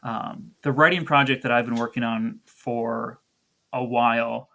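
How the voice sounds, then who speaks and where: A man hosting an interview, telling a personal story in a relaxed conversational way. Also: mid-range voice, unhurried, vocal fry.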